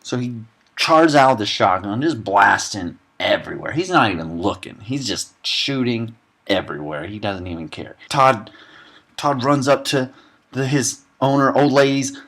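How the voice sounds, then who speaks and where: A young man giving a sarcastic, deadpan comedic recap of a film, dropping quick asides and snippets of characters' lines. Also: mid-range voice.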